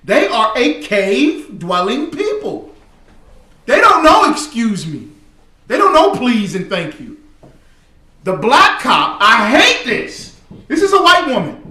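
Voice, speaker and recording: Man ranting over news clips, high bright voice, roomy echo, bit far off mic. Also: wildly swooping pitch, slow pace. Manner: emphatic, preachy. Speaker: host. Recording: echoey room, distant mic.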